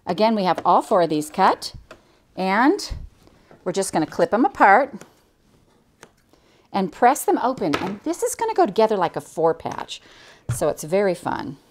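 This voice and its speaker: A woman's voice: medium pitch, big pitch swings, normal speed, long pauses, a little hiss or hum. An older woman from the United States, a quilting instructor giving a chatty, cheerful step-by-step demonstration. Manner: chatty, cheerful, enthusiastic about the work. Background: sewing machine.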